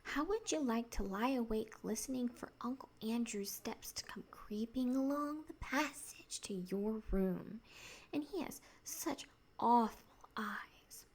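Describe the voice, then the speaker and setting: A woman's voice: on the high side, animated, measured pace. A woman voicing a sulky, upset young boy who sounds miserable and wound-up, in whispered role-play.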